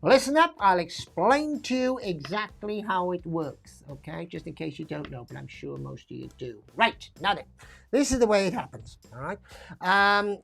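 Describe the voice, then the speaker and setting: A woman hosting a live online pub quiz, chatty and rambling, reading out questions and options and laughing often at herself. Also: medium pitch. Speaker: quiz host.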